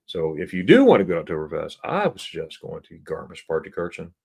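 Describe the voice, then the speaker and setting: A man's voice: sits low, huge pitch swings, fast talker, vocal fry, a little mellow, breathy edge. A man hosting a live stream, telling a travel story in a chatty way, laughing often and repeating words. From United States. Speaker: travel host.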